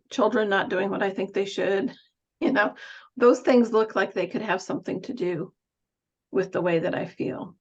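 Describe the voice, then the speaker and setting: Woman, nurse coach, reflective talk, mid pitch, light laughs, dull lo-fi audio. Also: slightly rough. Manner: thoughtful, laughs lightly, musing.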